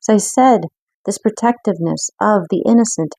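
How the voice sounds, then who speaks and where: A woman giving an intuitive card reading in an earnest, reflective way, with frequent pauses. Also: medium pitch, vocal fry, warm tone, dry recording. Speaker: spiritual card reader.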